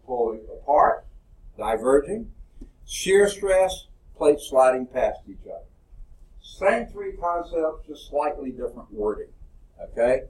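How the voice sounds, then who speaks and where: A man's voice: medium pitch, darkish tone. A male college science instructor giving a classroom lecture, explaining step by step and often checking in with "okay?". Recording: roomy echo, voice from a distance.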